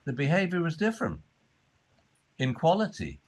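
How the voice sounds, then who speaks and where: A man explaining dog training in a conversation, acting out the voices he uses with dogs. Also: normal speed. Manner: acts out high fussy voices and low calm commands.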